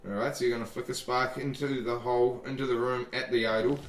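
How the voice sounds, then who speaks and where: A man running a tabletop game as game master, narrating scenes with a few halting restarts. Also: mid-range voice, steady tone, very noisy. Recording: roomy, distant mic.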